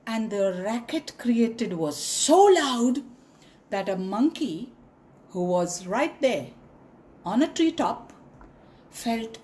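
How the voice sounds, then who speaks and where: Expressive woman telling a children's story. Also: fairly high pitch, slow, pauses often. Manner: expressive, sing-along, asks the children questions.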